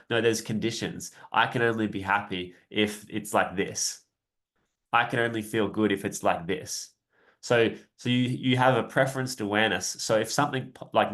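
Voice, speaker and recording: A young man with a lowish voice gives a laid-back coaching talk on a live stream. He rambles in a friendly way and tags many lines with "right?", now and then with a light laugh. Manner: relaxed, rambling, often adds "right?". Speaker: self-help coach.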